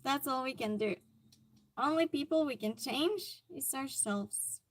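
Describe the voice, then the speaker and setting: High-voiced, unhurried woman streamer. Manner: chatty, reacting to chat comments aloud. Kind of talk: casual live-stream chat.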